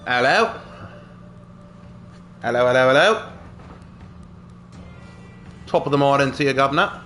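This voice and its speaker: A man's voice: mid-range voice, lively intonation, a little slow, bright, forceful tone, faint music behind. A male gaming streamer commentating his gameplay live in an exaggerated, put-on British accent, jokey and theatrical, peppering his talk with stock posh phrases.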